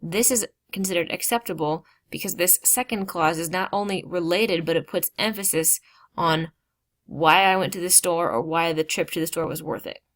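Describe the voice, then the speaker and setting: A woman teaching a grammar lesson. She explains slowly, stresses key words and drops casual asides. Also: on the low side, a bit bright.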